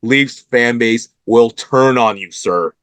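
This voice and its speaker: A man's voice: mid-range voice, takes it slowly, fairly bright tone, clean tone, dry recording. Fired-up man hosting a sports talk show. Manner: fired up and emphatic, calling out the team's owners.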